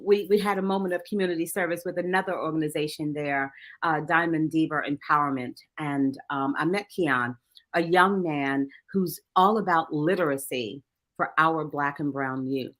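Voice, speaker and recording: A woman author talking in a casual interview, animated and quick to laugh. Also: low voice. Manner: animated, laughs often, shouts out friends. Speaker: author, guest.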